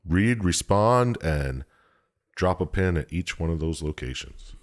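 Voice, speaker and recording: A man's voice: low-pitched, lively intonation, measured pace. A man co-hosting a podcast, laid-back and crude in casual banter with friends. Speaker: podcast co-host.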